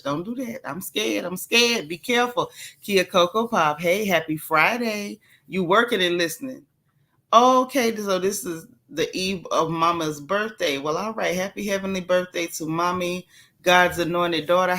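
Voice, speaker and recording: A woman hosting a casual live stream, greeting viewers one by one in a playful, chatty way. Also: mid-range voice. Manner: warm, playful, chatty banter with the chat. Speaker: livestream host greeting viewers.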